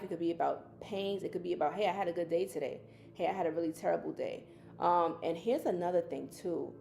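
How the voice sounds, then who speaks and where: A woman's voice: on the low side, vocal fry, darkish tone, slight background noise. A woman teaching casually on a livestream, chatty and colloquial, who calls listeners baby. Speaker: spiritual teacher hosting a livestream.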